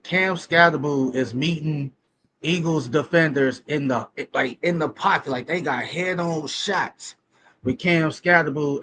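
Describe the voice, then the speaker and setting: A man's voice: on the high side, slight background noise. Slangy man, fired-up football talk. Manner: animated, slangy, emphatic, swears. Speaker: podcast co-host. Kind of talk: casual sports talk.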